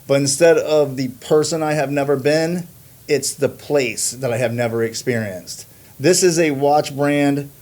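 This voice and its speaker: An American man hosts a watch review, narrating in a scripted, earnest, admiring way. His mid-range voice has a darkish tone.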